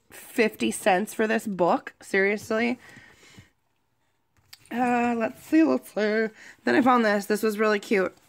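A young woman with a cold, sounding hoarse and gruff, chatting casually and rambling with many ums. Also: a little high. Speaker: vlogger showing thrift finds. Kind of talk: casual chat.

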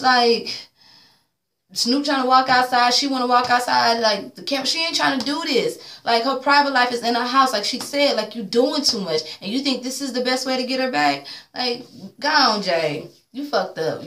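A woman's voice: mid-range voice, fairly bright tone, roomy sound. A woman recapping a reality show episode in a blunt, sassy rant full of swearing, acting out the cast's lines. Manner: blunt, sassy, swears a lot, acts out quotes. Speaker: recap vlogger.

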